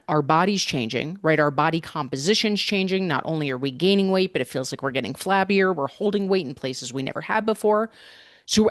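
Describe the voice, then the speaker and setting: A woman's voice: sits low, no echo, clean studio sound. A middle-aged woman coach hosting a podcast, talking energetically and emphatically in a conversational monologue, often checking in with "right?". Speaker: fitness coach and podcast host.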